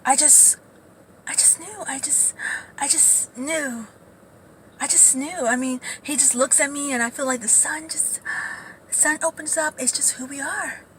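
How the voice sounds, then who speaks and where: A woman putting on the voice of a soft-spoken, dreamy young wife, hushed, breathy and mousy. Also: sits high, unhurried, a little hiss or hum, low-quality recording.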